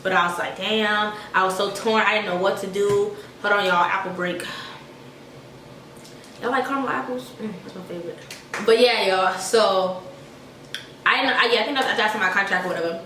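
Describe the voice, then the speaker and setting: A woman's voice: mid-range voice, moderate pace, pauses often, sharp tone, far from the mic. A young woman from Georgia, a soldier telling a chatty storytime to her viewers and calling them y'all. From Georgia, USA. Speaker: army soldier. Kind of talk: casual storytime vlog. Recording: echoey room, voice a bit off-mic, faint noise.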